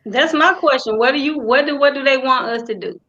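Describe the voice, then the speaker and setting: A woman's voice: sits high, brisk, bright, forceful tone, highs cut off. A woman speaking earnestly in a casual panel discussion, restarting her sentences often. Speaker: panel guest.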